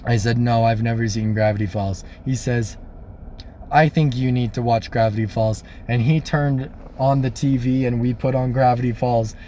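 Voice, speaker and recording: A young man casually telling a personal story, animated and laughing, acting out the voices of people he quotes. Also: medium pitch, moderate pace, slight background noise. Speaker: storyteller vlogger.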